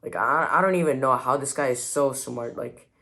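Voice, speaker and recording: A man's voice: mid-range voice, normal speed, pushed and bright. A young man hosting a reaction video, mocking and exasperated, full of "like" fillers. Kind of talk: sarcastic reaction commentary.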